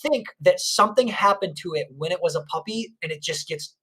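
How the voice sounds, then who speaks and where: Bright, forceful co-host; casual, rambling anecdotes. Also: mid-range voice, fairly quick, husky. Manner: rambling, animated storytelling. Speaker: podcast co-host. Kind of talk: casual chat.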